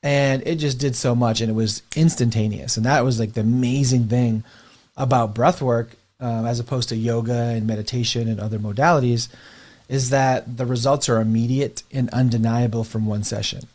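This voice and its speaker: A man's voice: medium pitch, normal speed. A man who teaches breathwork speaks in a casual interview, telling stories with lots of "you know" fillers and laughing now and then. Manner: animated storyteller, leans on "you know" fillers.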